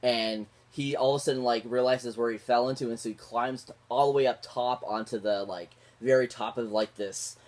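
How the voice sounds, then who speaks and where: A man at a middle pitch talks through a film review in a casual vlog style. He gushes over every performer, reuses the same few favourite words of praise, and rambles along with fillers and restarts. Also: steady tone, moderate pace, few pauses, darkish tone. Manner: gushing, repeats favourite words. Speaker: movie reviewer.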